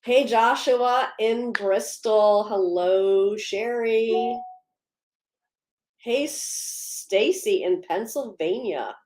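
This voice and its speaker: A woman's voice: on the high side, extremely slow, darkish tone, echoey room. A woman hosting a casual livestream, upbeat, greeting viewers by name and laughing easily between policy updates. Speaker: livestream host.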